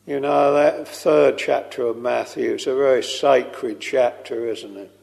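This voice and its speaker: A man preaching a slow, earnest sermon, tender and pleading as he quotes hymns. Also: mid-range voice, steady tone, gravelly, darkish tone. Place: church. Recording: long reverb of a large hall.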